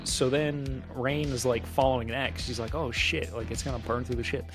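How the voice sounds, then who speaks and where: A man's voice: medium pitch, steady tone, brisk. Guy on a podcast rambling through a movie plot, swears a lot, music playing under him. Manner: rambling, profane, jokey asides. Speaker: podcast co-host. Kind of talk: casual movie recap chat.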